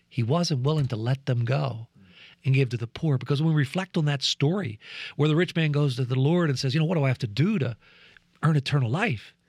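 A man tells a personal story with earnest, preacher-like conviction and slips into the voices of the people in it. His speaking voice sits at a middle pitch, and the recording is close and dry. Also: breathy edge, no echo. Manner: lively storyteller who acts out quoted voices. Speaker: program co-host sharing reflections. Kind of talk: animated storytelling reflection.

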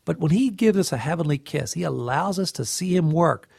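A man's voice: fairly high pitch, animated, brisk, gravelly, darkish tone, dry recording, studio quality. A middle-aged man sharing an earnest, heartfelt devotional reflection and often restarting his phrases. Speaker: co-host of a faith reflection show.

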